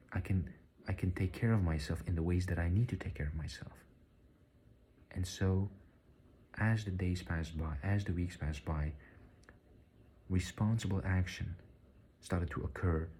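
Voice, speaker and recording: A man telling an earnest, confessional personal story, halting and repeating words, sometimes dropping to a near-whisper. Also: low voice, dark tone, slight background noise. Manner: drops at times to a breathy near-whisper. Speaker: spiritual vlogger.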